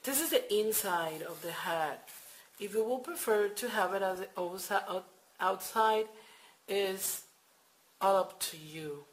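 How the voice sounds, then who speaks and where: A woman's voice: medium pitch, measured pace, low-quality recording. A woman explaining crochet steps in a casual, hesitant way, full of fillers and repeated instructions. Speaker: crochet tutorial maker. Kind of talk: casual how-to demonstration. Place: home at night.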